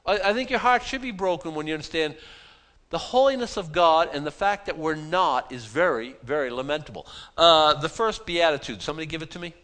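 A man preaching an expository sermon, animated, with frequent restarts and acted-out pleas. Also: fairly high pitch, fairly quick. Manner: animated, dramatizes pleas in voiced asides; frequent restarts and repeated words. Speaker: pastor.

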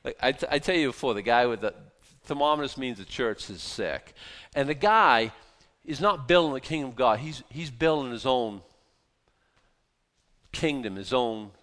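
A man preaching a conversational sermon, animated and informal, with many fillers and restarts. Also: medium pitch, normal speed, big-room sound. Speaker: pastor.

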